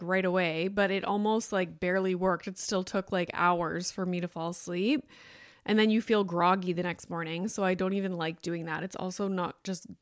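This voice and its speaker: A woman's voice: mid-range voice, no room sound, studio quality. A woman in her thirties hosting a podcast alone, talking in a candid, rambling way with lots of fillers. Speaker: podcast host. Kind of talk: casual solo podcast chat.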